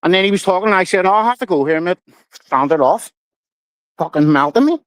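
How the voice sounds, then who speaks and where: A man's voice: high voice, lively intonation, fast, dry recording, rough recording. A middle-aged man, swearing freely as he rambles through stories on his casual livestream. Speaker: livestream host.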